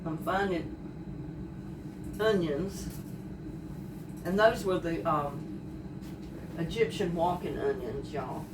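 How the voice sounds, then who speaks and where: A woman's voice: fairly low pitch, takes it slowly, pauses often. A woman chatting homily to viewers while cooking, heard through a camera mic set back in her home kitchen. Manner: chatty, homey, addresses viewers directly. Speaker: home cook vlogger. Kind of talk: casual cooking demonstration. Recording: echoey kitchen, distant noisy mic.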